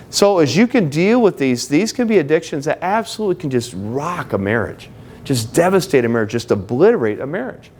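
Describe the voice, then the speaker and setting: A middle-aged man speaking live to an audience at a marriage seminar, conversational and joking, full of personal anecdotes. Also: mid-range voice.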